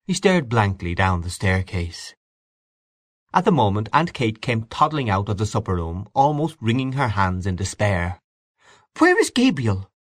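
A man reading a literary story aloud in a measured, expressive way. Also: fairly low pitch, no echo, clean studio sound. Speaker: audiobook narrator. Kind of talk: scripted literary narration.

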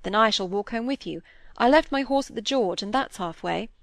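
A kind, earnest young scholar speaking gently and politely, read by a woman in an audiobook. The voice is mid-pitched and the recording is dry and close. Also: lively intonation, brisk, gravelly, dry recording. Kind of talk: audiobook reading.

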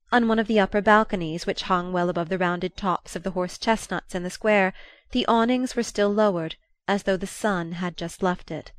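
A woman's voice: mid-range voice, no room sound. Woman reading a novel, dry close sound. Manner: measured, even, unhurried. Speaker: audiobook narrator. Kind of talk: scripted literary narration.

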